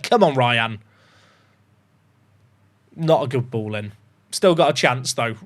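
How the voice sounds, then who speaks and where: A young man chatting through a football management game, joking and bursting into excited shouts. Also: mid-range voice, slow pace, pauses often. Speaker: gaming YouTuber.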